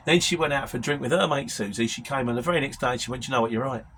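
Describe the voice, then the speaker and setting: A man's voice: medium pitch, expressive, rapid-fire, few pauses, a bit bright, a little hiss or hum. A man who hosts a casual Q&A, reading out viewer comments and answering them in a rambling, opinionated way. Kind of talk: casual Q&A chat.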